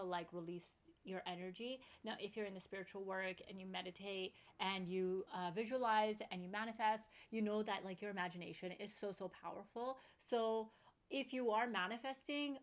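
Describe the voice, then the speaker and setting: Earnest woman sharing a personal story. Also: mid-range voice. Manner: earnest, open-hearted and chatty, with lots of "like". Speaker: vlogger.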